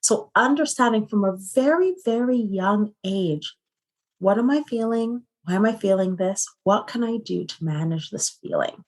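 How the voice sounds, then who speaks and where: A woman's voice: mid-range voice, expressive, moderate pace. A middle-aged woman speaking as a psychotherapist guest in a conversational interview, earnest and often ending points with rhetorical questions.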